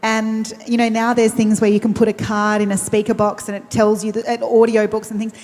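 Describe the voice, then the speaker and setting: A woman's voice: on the high side, little pitch movement, fairly quick, a little mellow. A woman with an Australian accent, speaking earnestly and personally as a panelist, with frequent restarts. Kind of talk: conversational panel talk. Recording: long reverb of a large event hall.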